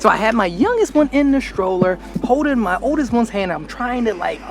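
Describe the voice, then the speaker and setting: An American man vlogging in a candid, reflective way, full of casual slang. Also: sits high. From United States. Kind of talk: casual talk to camera.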